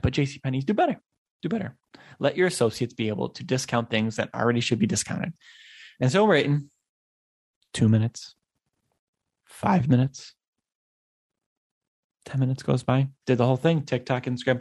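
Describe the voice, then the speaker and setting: Animated young New man telling a story. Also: mid-range voice. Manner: animated, acts out his own and others' quotes, swears when annoyed. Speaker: podcast host. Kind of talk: casual solo storytelling.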